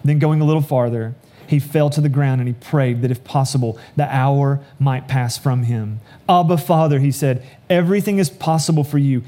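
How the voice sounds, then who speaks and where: A man delivers an earnest sermon in a warm, mellow voice of middling pitch. He reads scripture aloud and explains it, slowing down to stress the key lines. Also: fairly even intonation. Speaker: pastor.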